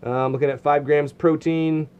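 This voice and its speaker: A man's voice: on the high side, fairly even intonation, normal speed, smooth, narrow, tinny audio. A man giving casual, rambling commentary while unboxing outdoor gear, with lots of fillers and restarts.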